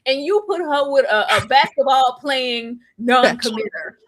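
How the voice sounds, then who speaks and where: A woman giving sassy, animated commentary on a live stream about a reality show, cutting in with mocking impressions. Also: sits high, unhurried. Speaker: co-host of a reality show recap.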